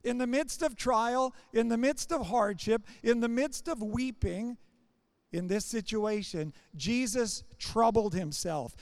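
A man's voice: extremely high pitch, clear, resonant tone, no echo. A man preaching a sermon, building his points in short, repeated phrases.

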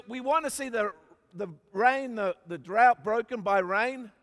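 An Australian man preaching a sermon, with emphatic delivery that moves from quiet asides to shouted peaks. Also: very high voice. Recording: long hall reverb.

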